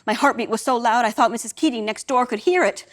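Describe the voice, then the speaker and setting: A woman's voice: on the high side, quick pace. An older woman performing a wry, dramatic storytelling monologue on a theatre stage.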